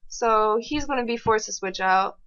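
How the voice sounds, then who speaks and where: Excitable woman narrating gameplay, lo-fi. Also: a little high. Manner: fast, excitable chatter. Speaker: gameplay commentator. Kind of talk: casual game commentary.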